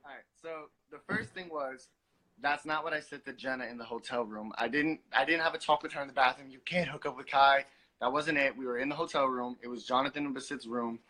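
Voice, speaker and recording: A man appearing as a guest on a phone livestream, telling a story in an animated way and acting out what people said. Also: mid-range voice, quick pace, low-quality recording. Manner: animated storytelling, acts out quotes.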